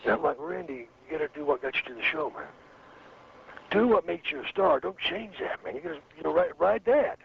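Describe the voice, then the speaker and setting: With a fairly high, gravelly voice, a former wrestler talks animatedly and fairly quickly as a guest in a casual interview. His anecdotes ramble, swear freely, and shift into quoted voices. The recording is a bit muffled with faint noise.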